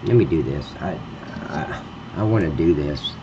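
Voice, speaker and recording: A man's voice: a bass voice, lively intonation, moderate pace, muffled recording, noisy background. A man livestreaming while he edits a game map, talking bluntly and cursing freely as he chats to viewers. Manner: blunt and profane, ranting at a critic. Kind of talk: live-stream chat while editing.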